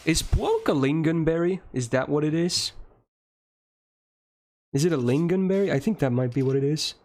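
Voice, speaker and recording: A man's voice: a little high, big pitch swings, moderate pace, darkish tone. A young man streaming a game and chatting casually with his viewers, answering their questions in a rambling way and swearing freely.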